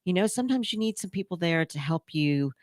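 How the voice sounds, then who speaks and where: A woman's voice: fairly low pitch, animated, brisk, no room sound, studio quality. A woman hosting a radio talk show, chatty and encouraging with many fillers. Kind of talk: casual interview chat.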